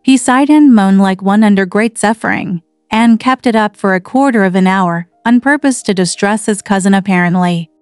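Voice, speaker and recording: A woman reading a classic novel aloud in a measured, even storytelling manner. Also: medium pitch, clear, resonant tone, no echo. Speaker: audiobook narrator. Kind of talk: literary narration. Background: faint background music.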